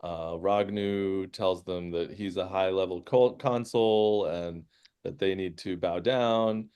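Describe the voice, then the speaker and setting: A man's voice: low-pitched, steady tone, slow pace, darkish tone, clear, resonant tone, lo-fi sound. A man running a tabletop game as game master, narrating loosely with many fillers.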